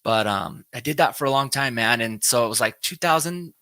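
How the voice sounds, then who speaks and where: A man's voice: mid-range voice, brisk, dry recording. Laid-back man telling his story, dry sound. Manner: relaxed, rambling, says "you know what I mean" a lot. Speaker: podcast co-host sharing his recovery story. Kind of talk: casual conversation.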